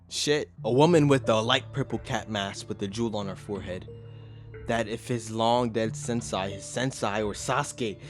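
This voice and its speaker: A man casually reading a fan story aloud and breaking off for profane, incredulous commentary, often laughing. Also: medium pitch.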